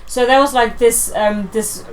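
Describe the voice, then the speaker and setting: A woman's voice: fairly high pitch, a little slow, a little hiss or hum. A young woman co-hosting a podcast, chatting casually and telling stories with lots of fillers. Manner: chatty, animated storyteller with many fillers. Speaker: podcast co-host. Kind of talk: casual chat. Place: indoor room, same room as co-host.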